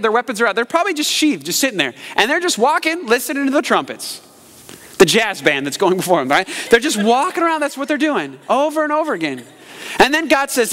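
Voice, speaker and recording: A man preaching a sermon as pastor, jokey and animated, acting out yells and voices. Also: very high voice. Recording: hall reverb.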